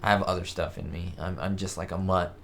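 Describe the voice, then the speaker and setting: A slightly low-voiced man from the United States chats casually on his live stream. He rambles from one thought to the next and reads viewer comments aloud as he goes. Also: level tone, a little fast, vocal fry, a bit bright, a little hiss or hum. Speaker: host of a live chat show. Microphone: webcam setup.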